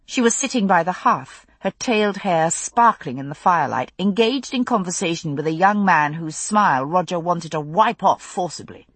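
A woman narrating a novel in an expressive storytelling way on a close studio mic. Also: lowish voice, husky, no room sound. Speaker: audiobook narrator.

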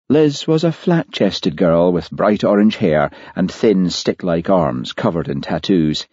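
A man narrating an audiobook in a lively, expressive reading voice. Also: sits low, unhurried, few pauses, slightly rough, no room sound, dull audio. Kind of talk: scripted narration.

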